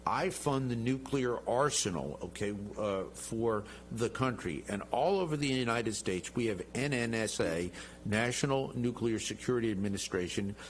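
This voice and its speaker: A man's voice: medium pitch, normal speed, slight background noise. A middle-aged man being interviewed as a guest congressman, talking in an emphatic, boastful and jovial way. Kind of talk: interview talk.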